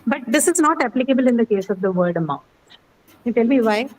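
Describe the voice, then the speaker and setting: A woman's voice: a little high, expressive, fast talker, a little mellow, slight background noise, rough recording. A woman teaching pronunciation in an online class, patient and step by step, repeating words and asking "okay?". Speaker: English teacher.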